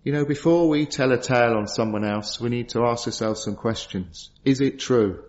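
A man's voice: mid-range voice, fairly quick. Male preacher, middle-aged, earnest sermon, rhetorical questions, muffled lo-fi recording. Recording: dull lo-fi sound.

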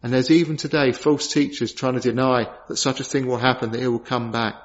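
A man preaching a sermon with fervent, emphatic delivery, slowing down to stress key declarations. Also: mid-range voice, flat delivery. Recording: dull lo-fi church recording.

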